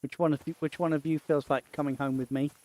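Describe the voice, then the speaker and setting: A man's voice: on the high side, flat delivery, fast, warm tone. A man streaming a game, joking and chatting to himself as he plays. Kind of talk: casual gaming commentary.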